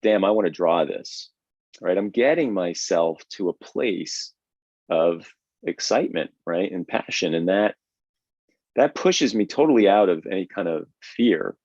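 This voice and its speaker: A man's voice: low-pitched, animated, unhurried, a little mellow, dry recording. A man hosting a live drawing lesson, talking energetically and conversationally, often checking in with "right?". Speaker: drawing instructor and host. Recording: dull, lo-fi, dry stream audio.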